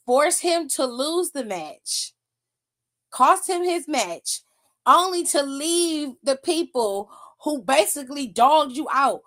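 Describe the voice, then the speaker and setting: A young woman with a fairly high voice and an unhurried delivery runs a wrestling aftershow, ranting bluntly and profanely about the night's segments. Her tone is exasperated, and her voice jumps up in pitch when she mocks someone. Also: a bit bright. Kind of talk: casual wrestling recap rant.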